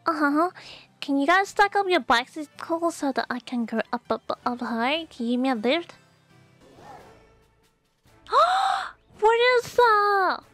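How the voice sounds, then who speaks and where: A young woman streaming a video game live, chatting to viewers with excitable gasps and squeals. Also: high voice, moderate pace, no room sound, soft background music. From Australia. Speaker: VTuber streamer. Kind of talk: gameplay live stream chat.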